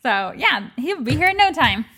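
A woman in her thirties co-hosting a casual podcast, animated and emotional, acting out quotes. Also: high voice, moderate pace. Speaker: podcast co-host. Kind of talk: casual chat.

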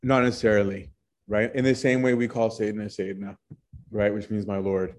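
A man's voice: on the low side, little pitch movement, fairly quick, darkish tone. Man teaching a casual Bible study. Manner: conversational, frequent "right?" and "um", restarts.

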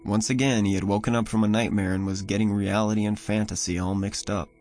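A man narrating a first-person horror story in a measured, somber way. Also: fairly low pitch, steady tone. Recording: voice over soft music.

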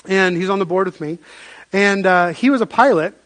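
Man, pastor, sermon, fairly high voice, lively storytelling, restarts phrases. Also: moderate pace. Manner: animated storytelling with frequent restarts.

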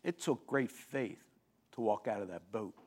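A man preaching a sermon, telling the story vividly, swinging between lively emphasis and hushed, intense moments and asking the listeners questions. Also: fairly low pitch, a little slow, breathy edge. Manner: animated storytelling with sudden drops to quiet intensity. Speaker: pastor.

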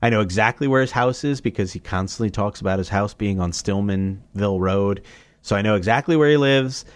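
A man hosting his own podcast, running through movie recommendations in a loose, rambling, jokey way, swearing freely and often jumping into excited, higher asides. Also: fairly quick, no echo. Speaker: podcast host. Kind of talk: casual solo movie review.

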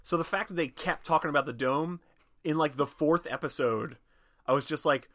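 A man co-hosting a casual movie podcast, talking in an animated way, swearing freely and acting out little quotes. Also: a little high, normal speed. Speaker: podcast co-host.

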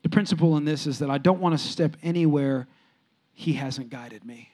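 A man preaching a sermon with audience interaction, telling casual stories and swinging from soft, low asides to loud, excited peaks. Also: normal speed. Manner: animated, jumps sharply higher and louder when excited, then drops soft; conversational, storytelling preacher with casual slang. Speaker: pastor.

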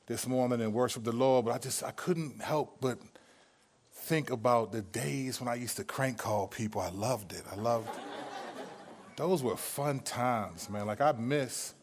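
A man's voice: mid-range voice, unhurried, slight background noise. A man preaching a conversational sermon as pastor, joking and telling stories with many restarts.

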